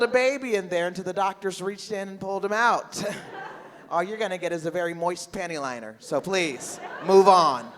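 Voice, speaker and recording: A woman in her forties performing a stand-up comedy set, brash and oversharing, with sudden bursts of loud outrage. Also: on the low side, normal speed. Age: 40s. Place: comedy club stage with live audience. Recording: reverberant live venue with audience laughter.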